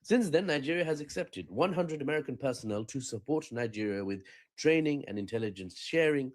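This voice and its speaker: A man's voice: medium pitch, expressive, a little fast. A man giving a joking commentary on world affairs in a video clip, with wry asides. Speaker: online commentator.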